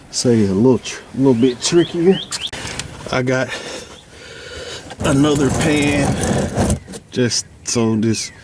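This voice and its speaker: A man casually explaining a car oil change step by step, slightly out of breath, recorded outdoors under a car on a windy day. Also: mid-range voice. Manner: relaxed, plain-spoken, instructive. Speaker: DIY car vlogger. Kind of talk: casual how-to narration. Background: wind and outdoor noise.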